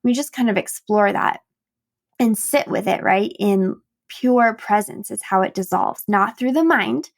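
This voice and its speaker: A woman with a gravelly, medium-pitched voice speaks a little slowly. She's a podcast host and coach recounting a personal story with candor and self-mockery, laughing often. She brings it to life by acting out the quoted dialogue.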